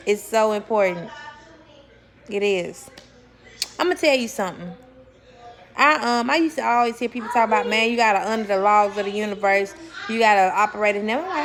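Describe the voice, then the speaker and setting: A young woman with a slightly high voice speaks casually to her viewers about spiritual matters. She is blunt and swears freely. She often repeats words for emphasis, corrects herself mid-sentence and laughs as she talks. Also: normal speed, fairly bright tone. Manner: laughs while talking, self-correcting. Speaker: spiritual vlogger. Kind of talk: casual spiritual talk to camera.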